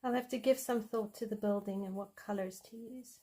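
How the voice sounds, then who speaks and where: A woman's voice: mid-range voice, fairly even intonation, fairly quick, warm tone. Playful woman chatting on a livestream. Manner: giggly and playful. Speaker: livestream host. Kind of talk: casual chat while coloring, improvising a story.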